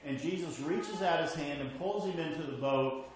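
A man preaching a conversational sermon as pastor, shifting from emphatic to hushed, with frequent restarts. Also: on the high side, moderate pace, very echoey, a little hiss or hum, poor audio.

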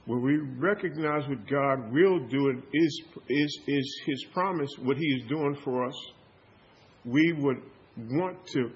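A man's voice: mid-range voice, unhurried, breathy edge, highs cut off. A pastor preaching a sermon with call-and-response, repeating and restarting his words as he builds up.

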